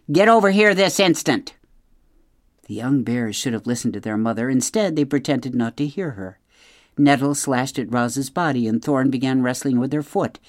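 A middle-aged woman reading a children's novel aloud on radio, expressive and speaking straight to the listener, then signing off as host. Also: very deep voice, no echo, clean studio sound.

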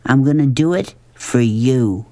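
A man doing a quiet boy. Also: mid-range voice, expressive, unhurried, no room sound, natural voice. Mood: determined. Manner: plain, short replies. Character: stubborn quiet young boy.

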